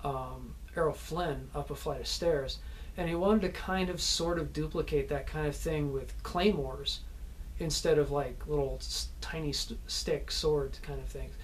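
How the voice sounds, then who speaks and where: Telling casual anecdotes from a film set, this actor meanders with many fillers, restarts and frequent laughter. He speaks a little high in a steady tone at a measured pace, with a little hiss or hum on the recording.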